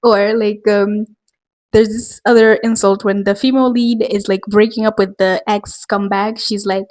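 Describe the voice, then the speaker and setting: A woman hosting a casual commentary vlog, chatty and quick to laugh, with lots of filler words. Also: mid-range voice, level tone, a little mellow. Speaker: video host.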